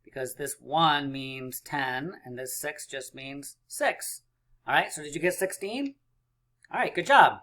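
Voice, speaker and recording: Male teacher for a kids' math video, cheerful and encouraging, bright forward tone. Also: on the high side, animated, measured pace. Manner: encouraging, playful, counts aloud. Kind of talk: math lesson for young children.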